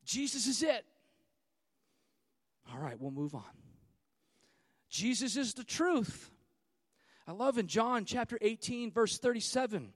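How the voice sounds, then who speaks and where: High-voiced fiery preacher man. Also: big pitch swings, measured pace, long pauses, no room sound. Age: 30s. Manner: fiery preaching, swings from loud to hushed. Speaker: pastor. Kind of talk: sermon.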